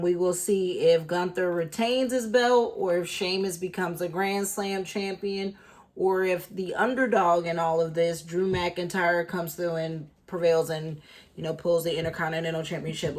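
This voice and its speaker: A woman's voice: fairly low pitch, steady tone, measured pace, darkish tone. A woman doing a casual tarot reading for her channel, chatty and thinking aloud with lots of fillers. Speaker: tarot reader.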